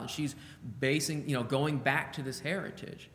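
A man's voice: medium pitch, steady tone, normal speed, a bit bright, long reverb tail. A man preaching in a conversational style, musing aloud with asides and rhetorical questions. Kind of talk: conversational Bible teaching.

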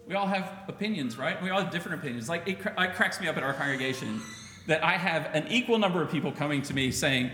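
Lively conversational pastor in an echoey hall. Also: male voice, fairly high pitch, fast talker, slight background noise. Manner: conversational, animated preaching with acted-out quotes. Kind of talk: sermon. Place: church sanctuary. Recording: echoey church hall, faint ambience.

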